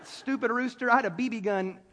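A man from South Carolina preaches to a gathered crowd in a very high voice. He tells the story with animated, playful energy and slips into character voices. A long reverb from the hall trails after each phrase. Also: fairly quick. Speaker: pastor. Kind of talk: sermon. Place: large hall before an audience.

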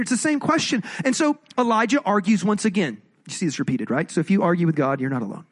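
A pastor giving an animated, jokey, conversational sermon. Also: male voice, high-pitched, fast, few pauses.

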